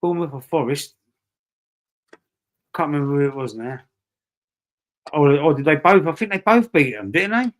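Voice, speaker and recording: A man's voice: a little high, expressive, normal speed, long pauses. Matey Cockney man chatting on stream. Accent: London Cockney. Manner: chatty, matey, rambling with repeated words. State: breathy asthma-wheezy at times. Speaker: livestream host. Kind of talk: casual live chat reading viewer comments.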